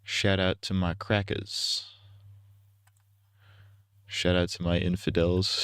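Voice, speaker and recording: A man's voice: sits low, steady tone, unhurried, pauses often, no room sound. A man streaming a game, chatting casually and goofing around, laughing at his own jokes. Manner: goofy, joking, laughs at his own bits.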